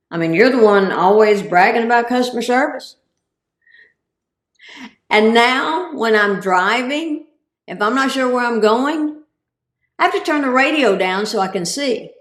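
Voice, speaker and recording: A woman's voice: a little high, animated, unhurried, a bit bright, echoey room. A woman giving a humorous, self-deprecating talk as a guest speaker and cancer survivor. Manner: comic, self-deprecating delivery.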